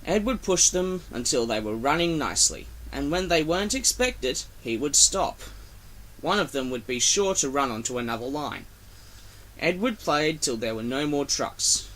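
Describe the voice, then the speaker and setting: A man reading a children's railway storybook aloud, expressive. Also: fairly high pitch, moderate pace.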